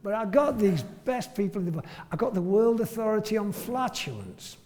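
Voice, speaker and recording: A man's voice: high voice, a little fast, a crowd in the background. An older man from England, a retired family doctor, telling comic anecdotes after dinner and acting out the people he quotes. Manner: animated, comic storyteller who acts out quoted voices. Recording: long hall reverb.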